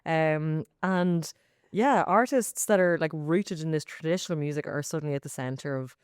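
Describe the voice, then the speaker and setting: A young Irish woman hosting a podcast, talking in a chatty, animated way with lots of quick asides. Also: deep voice, clean tone, dry recording, clean studio sound. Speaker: podcast host. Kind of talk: casual chat.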